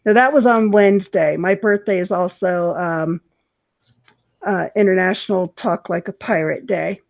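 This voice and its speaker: A woman's voice: lowish voice, moderate pace, vocal fry. A woman co-hosting a casual craft livestream chat, easygoing and playful.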